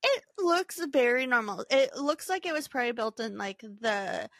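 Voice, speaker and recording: A woman's voice: on the high side, big pitch swings, moderate pace, a bit bright, dry recording, studio quality. A woman podcast co-host reacting expressively in casual chat.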